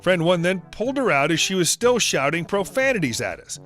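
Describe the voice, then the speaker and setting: A man tells a reddit story in a scripted narration style, keeping one voice for every character's dialogue. His voice sits high for a man. Faint music plays underneath. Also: big pitch swings, fairly quick, a bit bright.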